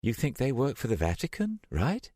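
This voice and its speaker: A man doing a scathing young woman, mocking, lively pitch, dry sound. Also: normal speed, dry recording. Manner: scathing, teasing retorts. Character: young woman friend, sharp-tongued and mocking.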